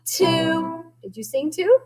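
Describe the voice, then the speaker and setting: A woman teaching music to small children, her voice pitched very high and her delivery slow and drawn out. She sings short lines for the class to echo back. A faint instrument plays behind her. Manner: sing-song and animated, singing lines for echoing.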